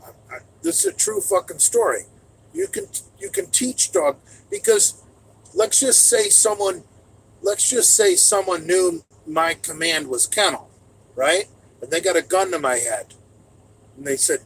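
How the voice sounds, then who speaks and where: A middle-aged man, a trucker, in casual storytelling chat, loud and profane and given to sudden shouts, talking from inside his truck cab. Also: fairly high pitch, very animated, unhurried, vocal fry, a little hiss or hum, rough recording. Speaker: streamer answering chat.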